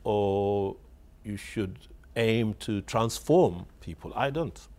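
Warm and lowish, with lively intonation and a slow pace, an author's voice carries a reflective radio reminiscence. He laughs wryly as he tells a story, often repeating words while hunting for the right phrase.

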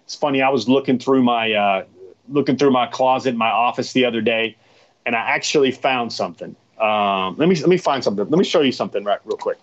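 A man's voice: medium pitch, fairly quick, muffled recording. A man hosting a live stream, talking casually to his viewers in a rambling, chatty way that often repeats itself.

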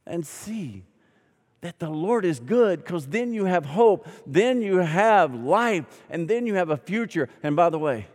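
Southern man, pastor, emphatic sermon, mid-range voice, big reverberant sanctuary. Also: medium pitch. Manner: swings from hushed to loud, emphatic preaching. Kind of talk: Easter sermon.

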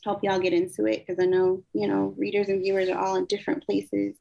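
A woman poet talking candidly and laughing easily, then reading her poem slowly in African American Vernacular English. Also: medium pitch, little pitch movement, gravelly, dark tone. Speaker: poet and guest. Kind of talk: casual conversation and poetry reading. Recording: dull lo-fi sound.

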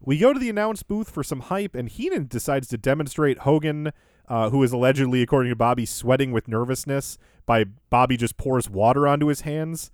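A man's voice: medium pitch, fairly quick, no room sound. Man recapping a wrestling show, dry sound. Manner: recaps events in order, laughs easily. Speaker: podcast host. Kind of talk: casual recap chat.

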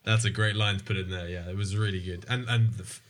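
A man chatting casually about a film, excitable, laughing often and swearing freely. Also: deep voice, fast talker.

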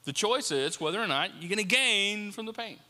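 Animated, bright-voiced male preacher. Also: high-pitched, brisk, long reverb tail. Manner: animated, conversational preaching with acted-out asides. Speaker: pastor. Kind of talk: sermon.

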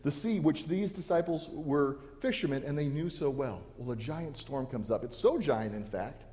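A man's voice: fairly high pitch, moderate pace, mellow, in a large hall. A pastor preaching a sermon to his church, earnest and given to restarting his phrases. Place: church sanctuary.

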